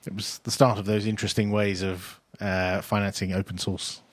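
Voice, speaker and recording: A man's voice: fairly low pitch, level tone, normal speed, no room sound. A man co-hosting a podcast, chatting casually and reminiscing with a laugh. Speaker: podcast co-host. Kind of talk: casual chat.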